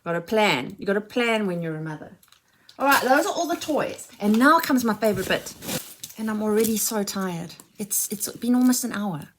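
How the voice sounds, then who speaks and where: Woman, haul vlogger, casual unboxing chat, excitable, gushing, swooping pitch. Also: moderate pace, slight background noise.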